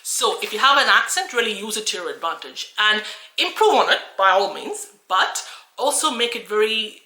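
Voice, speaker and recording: A woman's voice: mid-range voice, big pitch swings, normal speed, sharp tone, roomy sound, poor audio. A woman from Australia who coaches English, talking earnestly and encouragingly to camera with frequent restarts. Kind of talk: talking-head video.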